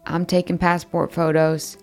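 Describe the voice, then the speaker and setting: A woman's voice: on the low side, level tone, normal speed, a little mellow, soft background music. A woman playing a tabletop game, chatty and joking with lots of "like". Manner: chatty, joking, filler-heavy. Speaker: player. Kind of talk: casual tabletop chat.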